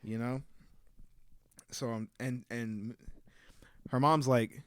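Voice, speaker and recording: A man's voice: medium pitch, slow, no echo, clean studio sound. A young man co-hosting a podcast, telling a story casually and acting out the voices of the people in it. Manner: animated storyteller, acts out quotes in varied voices. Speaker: podcast co-host.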